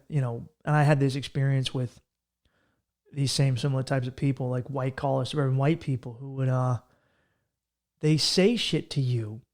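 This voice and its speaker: A man's voice: on the high side, a little mellow. A man hosting a podcast, giving casual advice in a blunt, profane and emphatic way. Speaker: comedian and podcast host.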